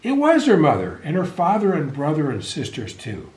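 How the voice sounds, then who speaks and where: A man reading a picture book aloud to children with expressive, animated storytelling, over a video call. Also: a little high, moderate pace, a little hiss or hum. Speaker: storybook reader. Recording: echoey room.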